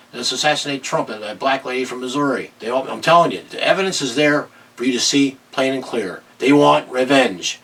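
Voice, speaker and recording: A man's voice: medium pitch, fairly bright tone, breathy edge, distant mic, rough recording. A middle-aged man ranting angrily in a video commentary, agitated and repeating himself. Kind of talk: angry political rant.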